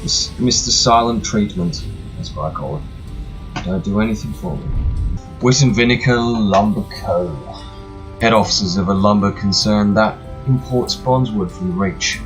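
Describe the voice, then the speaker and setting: Low-voiced man reading game text aloud. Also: moderate pace. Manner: reads with mock-dramatic flourishes, dry joking asides. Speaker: gameplay narrator. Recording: faint music behind, slightly tinny room.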